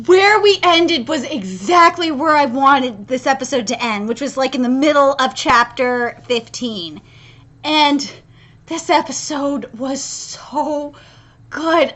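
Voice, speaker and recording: A young woman hosting an anime reaction channel, gushing excitably and swearing often as she reacts to an episode. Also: high voice, slow, heavy background noise. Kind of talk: live anime reaction commentary.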